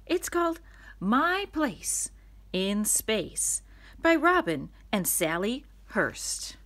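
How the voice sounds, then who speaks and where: A woman reading a storybook aloud to children, taking her time and swinging her pitch widely. Her voice is bright and clear, and each line is shaped for young ears. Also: sing-song, very slow.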